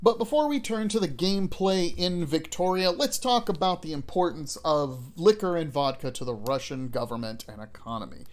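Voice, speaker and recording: A man hosting a history strategy gaming channel, talking in a lively, chatty and self-mocking way. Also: fairly high pitch, normal speed, hardly any pauses. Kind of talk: scripted gameplay commentary.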